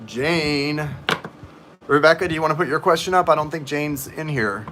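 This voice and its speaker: A man's voice: on the high side, normal speed, background noise. A man giving tarot readings on a live stream, chatting and rambling to viewers in the chat. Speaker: tarot reader.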